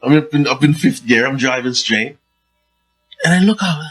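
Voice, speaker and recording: A man telling a road trip story in a casual chat, acting out scenes with mounting excitement. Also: on the high side, unhurried, slightly rough, faint music behind, rough recording. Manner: animated storyteller, acts out scenes with rising excitement. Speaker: podcast co-host.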